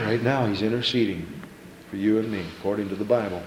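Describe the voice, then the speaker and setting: A male pastor preaching an impassioned sermon in a church, repeating phrases and stumbling into quick restarts as he builds. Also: lowish voice, reverberant, a little hiss or hum, low-quality recording.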